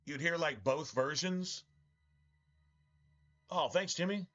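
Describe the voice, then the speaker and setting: Middle-aged man, game streamer, casual rambling chat, profane, bright forceful voice, a bit dull lo-fi audio. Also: a little high, takes it slowly, faint music behind. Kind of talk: casual live-stream chat while gaming.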